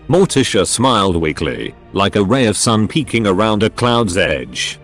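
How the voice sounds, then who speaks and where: A synthetic male voice reading a story aloud as narrator, reading every character in the same even machine voice. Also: on the low side, a little slow, few pauses, faint music behind.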